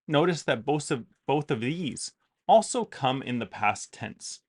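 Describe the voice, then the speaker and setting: A man teaching an English grammar lesson, explaining with clear emphasis and repeated example sentences. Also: medium pitch, very animated, unhurried.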